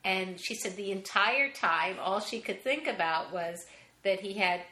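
A woman comedian telling an animated story as a podcast guest, acting out the people she quotes and laughing often. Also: mid-range voice, measured pace, roomy sound. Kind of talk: anecdote in casual interview.

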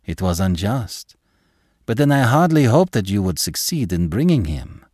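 A man voicing a gentle, affectionate noblewoman who speaks softly and tenderly in a classic novel reading. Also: fairly low pitch, big pitch swings, moderate pace, no echo, studio quality. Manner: soft, tender and gently coaxing. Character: gentle, affectionate noblewoman, older aristocratic lady.

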